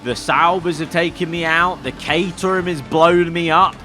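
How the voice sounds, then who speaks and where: A young man commentating his own racing game play, swinging from low muttering to excited shouting. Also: normal speed, faint music behind. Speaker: gaming YouTuber.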